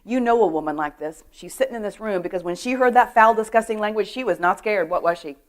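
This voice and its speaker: A middle-aged woman giving an animated talk on personal safety to a women's church group, telling stories, acting out quotes and asking the audience questions. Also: mid-range voice, fast. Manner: lively storytelling, acts out quotes, asks the audience questions. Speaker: guest speaker on personal safety.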